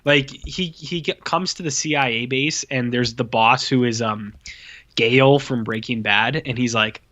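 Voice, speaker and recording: A man in casual podcast chat, tearing into a movie with blunt, profane complaints. His voice is getting a little hoarse, and the recording sounds dull and lo-fi. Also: mid-range voice, normal speed, sharp tone. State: voice going hoarse. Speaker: podcast co-host. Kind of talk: casual film review chat.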